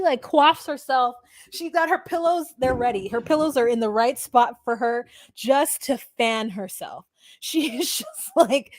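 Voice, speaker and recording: A young woman with a high voice trades teasing remarks in a casual recap. She mocks and laughs her way through the story. The recording is dry and close. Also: dry recording. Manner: playful, mocking, laughs often. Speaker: podcast co-host. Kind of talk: casual reality-TV recap chat.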